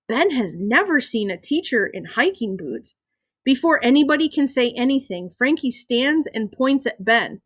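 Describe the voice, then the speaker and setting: A woman reads a children's novel aloud in a steady, expressive way. Her voice sits fairly high. The recording is dry and close, with no room echo. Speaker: reader.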